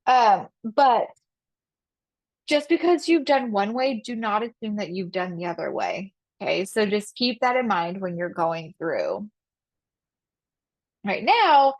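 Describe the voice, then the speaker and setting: A woman's voice: fairly high pitch, dry recording. Woman teaching math in a dull, dry recording. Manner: talks through steps aloud, asks and answers her own questions, repeats key phrases. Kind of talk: recorded video lesson.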